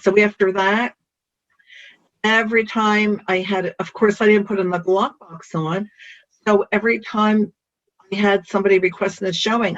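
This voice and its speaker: Animated realtor telling a story on a dull recording. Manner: animated storyteller, pitch jumping with emphasis. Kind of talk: personal anecdote.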